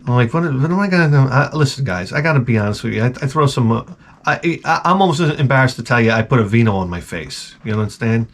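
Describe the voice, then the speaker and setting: Middle-aged male host, casual comedic rant, swears freely, stumbles and restarts, mid-pitched voice. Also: fast talker. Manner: profane, rambling, self-mocking storytelling with stammered restarts. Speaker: show host.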